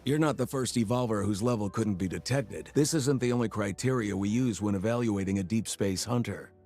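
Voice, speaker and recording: A man's voice: fairly low pitch, darkish tone, faint music behind, natural voice. A man voicing a formal, stern male commander who hands out badges in a game. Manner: formal, measured. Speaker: ceremony official in a game.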